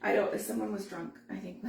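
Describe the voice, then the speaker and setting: A woman giving a live balloon-making tutorial, chatty and quick to laugh as she works. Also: medium pitch, creaky, darkish tone, reverberant, recorded from a distance, a little hiss or hum. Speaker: balloon instructor.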